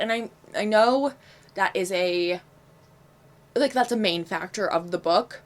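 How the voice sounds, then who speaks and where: A young woman casually reviewing books she read, chatty and frank with lots of fillers and asides. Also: mid-range voice. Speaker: book vlogger. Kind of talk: casual book review vlog.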